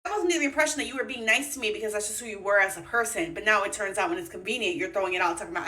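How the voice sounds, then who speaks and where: A young woman giving a blunt, profane, animated rant reacting to a reality TV show. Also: mid-range voice, very fast, few pauses, recorded from a distance. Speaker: reality TV commentator.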